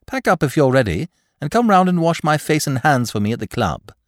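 A man voicing a flippant, theatrical aristocratic gentleman detective in a storybook reading. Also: fairly high pitch, very animated, fairly quick, no echo, studio quality, voice pushed up. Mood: breezy. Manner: breezy, theatrical, whimsical. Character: flippant aristocratic young male sleuth.

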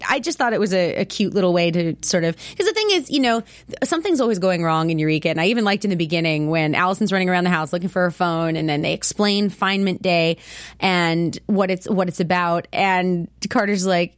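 A woman with a squeaky voice hosting a show, chatting casually and rambling with lots of fillers and laughs. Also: expressive, fairly quick, no echo, studio quality. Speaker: show host. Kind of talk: casual chat about a TV show.

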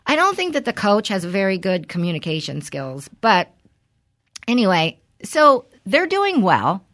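A woman's voice: medium pitch, huge pitch swings, a little slow, fairly bright tone. A middle-aged woman hosting a podcast, chatting candidly and venting with frustration, swearing freely. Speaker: podcast host. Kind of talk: casual chat.

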